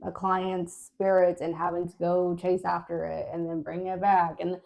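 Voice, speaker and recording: A woman co-hosting a podcast, telling a story in casual chat, animated and laughing often. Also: on the low side, moderate pace, gravelly. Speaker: podcast co-host.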